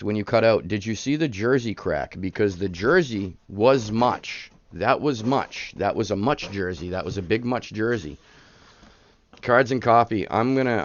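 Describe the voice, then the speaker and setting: With a lowish voice on lo-fi audio that has no echo, a man in his thirties runs a live card-breaking stream. He keeps it chatty and rambling, hyping up each pull.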